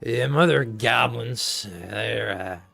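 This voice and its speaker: A man voicing a gruff male camp guard with a put-on Scottish accent, speaking tersely and sardonically. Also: mid-range voice, takes it slowly, sharp tone, faint music behind, pitched below the performer's own voice, full character voice.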